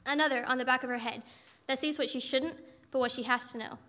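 A woman's voice: high voice, steady tone, fast, big-room sound, background noise, natural voice. A woman voicing God as a patient, tireless male creator in a story she reads aloud, told in an earnest, fond way.

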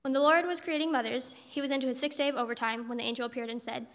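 Bright-voiced woman preaching in a hall. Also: high voice, steady tone, rapid-fire. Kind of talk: sermon.

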